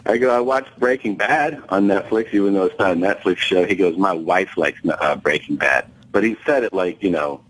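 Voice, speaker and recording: A male guest comedian on a talk show tells a profane anecdote, animatedly acting out the dialogue and laughing mid-story. His voice is fairly low and a little fast, with few pauses, on a rough recording.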